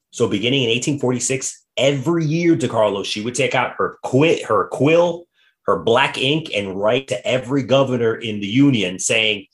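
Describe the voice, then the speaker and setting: A man hosting a podcast, telling history in a casual, animated way and reading quotes aloud. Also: medium pitch, normal speed. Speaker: podcast host.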